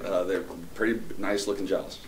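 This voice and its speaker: A man co-hosting a radio after-show, bantering in a teasing, quick way. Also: sits low, flat delivery, roomy sound, slight background noise. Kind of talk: casual chat.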